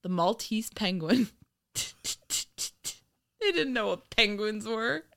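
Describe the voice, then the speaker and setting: A woman's voice: mid-range voice, animated, slow, vocal fry, a bit bright, slight background noise. Giggly woman podcast co-host. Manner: giggly, rambling with fillers. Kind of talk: casual chat.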